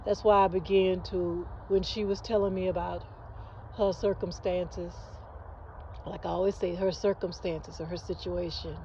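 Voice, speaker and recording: A woman's voice: fairly low pitch, mellow, highs cut off, a little hiss or hum. A woman in her fifties hosting her own channel, speaking earnestly in a rambling heartfelt vlog with many restarts, recorded at home on a phone. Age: 50s. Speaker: channel host. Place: at home early in the morning. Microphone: phone, face not shown.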